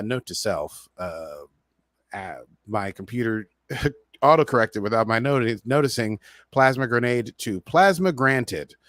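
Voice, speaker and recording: A man at a mid pitch recapping an episode for a podcast, loose and chatty, with lots of fillers and "he's like" asides. His voice is recorded close and dry, with no room sound. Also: a bit bright, no echo. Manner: rambling, chatty, full of "uh" and "so he's like". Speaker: podcast host.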